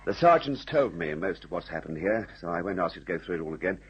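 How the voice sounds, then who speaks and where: A methodical police captain in an old radio play. His voice is low and husky, and he speaks in a dry, measured way. The recording is dull and lo-fi. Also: expressive, exaggerated voice. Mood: calm. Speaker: radio drama actor. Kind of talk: vintage radio drama acting.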